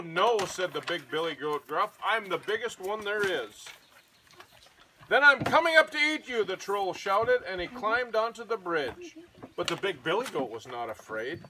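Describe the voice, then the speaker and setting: A man reading a storybook aloud to his goats, pausing to talk to them about the pictures. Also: sits high, noisy background. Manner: animated reader, chats to the goats between pages.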